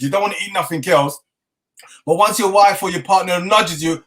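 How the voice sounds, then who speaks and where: With a high voice and quick pace, this middle-aged Londoner recounts his story in a relaxed interview. The chef is lively, performs the dialogue as he goes, and laughs frequently.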